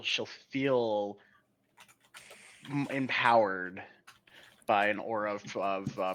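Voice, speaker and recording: A man playing a tabletop role-playing game, describing his character's moves in a halting way. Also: lowish voice, fairly bright tone. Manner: halting, restarts a lot, laughs often. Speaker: player.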